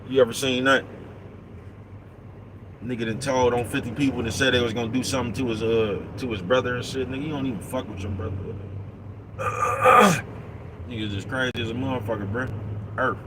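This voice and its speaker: A man rolls down the road in his big rig, talking at a middle pitch in a loose, profane, streetwise monologue to his viewers. He keeps checking that they follow him, and the steady rumble of the truck and traffic sits clearly under his voice. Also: fairly quick, pauses often. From East Oakland, California. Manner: streetwise, profane, keeps asking "you know what I'm talking about". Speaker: truck driver vlogger. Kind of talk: casual vlog monologue answering comments. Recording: road and engine noise from a truck cab. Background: traffic and vehicle noise.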